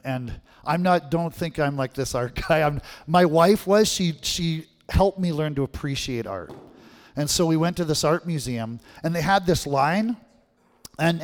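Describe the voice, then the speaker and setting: A middle-aged Canadian man from Manitoba preaching a sermon, telling stories and asking the crowd questions with a frequent "right?". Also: on the high side. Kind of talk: sermon with storytelling. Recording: long reverb in a hall.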